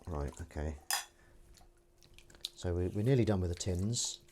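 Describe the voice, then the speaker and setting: A man's voice: low-pitched, expressive, measured pace, background noise. A man, a comedian chatting casually on a live stream while washing up, rambling and self-deprecating as he reads out viewers' comments.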